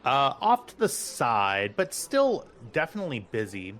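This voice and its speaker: A man narrating as game master of a tabletop game, unhurried, with many ums and casual asides. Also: mid-range voice, huge pitch swings, a bit bright.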